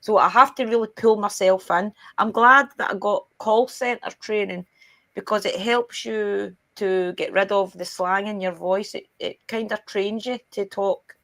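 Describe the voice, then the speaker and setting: A woman's voice: mid-range voice, steady tone, unhurried, fairly bright tone. A woman with a Glaswegian accent, hosting a spiritual live stream, chatting and reading cards aloud to viewers. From Scotland. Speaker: spiritual reader and channel host.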